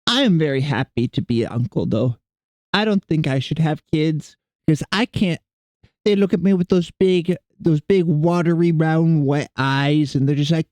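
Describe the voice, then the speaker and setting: A man's voice: on the high side, normal speed, darkish tone, no echo. A man streaming and chatting casually with his viewers, rambling and self-deprecating as he greets people in chat.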